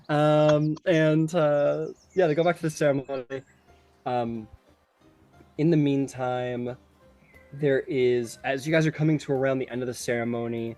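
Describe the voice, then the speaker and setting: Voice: mid-range voice, fairly even intonation, unhurried, a little mellow, faint music behind. A game master narrating a tabletop game in a casual, rambling way, with frequent fillers.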